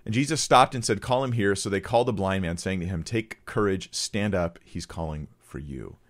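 A man's voice: deep voice, moderate pace. A man preaching a conversational sermon, casually acting out the voices of the crowd. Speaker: pastor.

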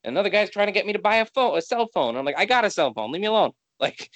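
Fast-talking ranting man from Canada. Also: high voice, animated, no echo. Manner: ranting, exasperated storytelling. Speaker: podcast co-host. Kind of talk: casual chat.

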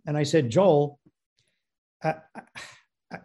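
A man, a film producer and director, telling a story as a guest and acting out both sides of phone calls in an animated way. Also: fairly high pitch, unhurried, long pauses. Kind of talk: storytelling anecdote.

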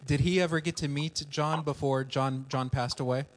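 A man's voice: a little high, fairly even intonation, moderate pace, a little hiss or hum. A man interviewing a guest, asking questions with frequent hesitations. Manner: hesitant, many fillers.

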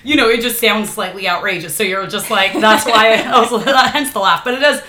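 A woman's voice: medium pitch, brisk, bright, forceful tone. A woman from the Pacific Northwest co-hosting a casual podcast, bantering and poking fun at herself. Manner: laughing, self-mocking banter. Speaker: podcast co-host. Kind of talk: casual chat.

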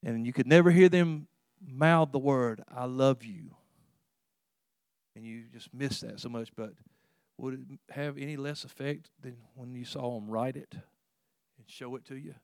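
A man preaching a sermon in a folksy, conversational way, chuckling now and then, getting loud for emphasis and going soft on tender points. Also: mid-range voice, unhurried, clean tone, no echo.

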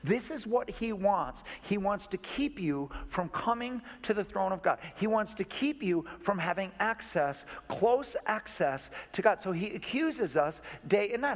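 Earnest pastor preaching in echoey hall. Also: male voice, sits high, animated, a little slow, hardly any pauses. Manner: earnest, emphatic preaching with storytelling. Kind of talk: sermon.

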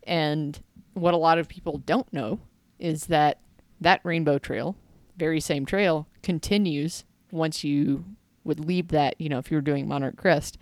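A woman's voice: deep voice, fairly even intonation, normal speed, no room sound. A woman co-hosting a casual podcast who laughs easily and tells rambling stories. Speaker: podcast co-host. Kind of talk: casual chat.

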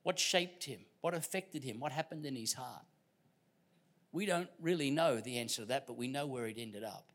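A middle-aged Australian man from Queensland preaching a sermon as a guest pastor, telling stories with humor and dropping to hushed tones. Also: medium pitch, normal speed. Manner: storytelling with humor, dynamic swings from loud to hushed. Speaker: visiting pastor.

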